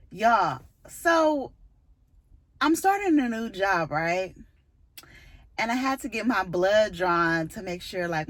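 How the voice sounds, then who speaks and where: A woman book vlogger telling a story to her viewers in a casual, animated way, laughing and poking fun at herself. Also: medium pitch, dry recording.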